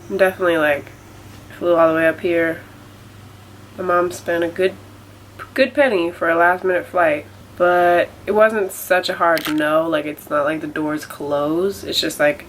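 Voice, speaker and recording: Young woman with a nasal voice, kinda low for a girl, rambly vlog chat, little bit of hiss behind. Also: rough recording. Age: young adult. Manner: rambling, lots of "like" fillers, downbeat. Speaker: vlogger. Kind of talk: casual confessional vlog.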